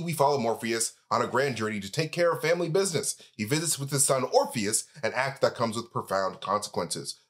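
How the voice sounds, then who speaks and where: A man hosts and reads sponsor ads with a lively, swinging pitch. His delivery is upbeat and practiced, like a scripted announcer, at an ordinary middle pitch. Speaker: host reading sponsor ads. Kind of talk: scripted ad read, then casual chat.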